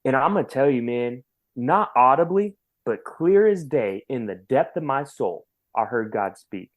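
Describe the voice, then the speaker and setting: Male guest with a mid-range voice, earnest and animated storyteller, repeats himself. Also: medium pitch, a little slow. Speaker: podcast guest. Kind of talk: personal testimony storytelling.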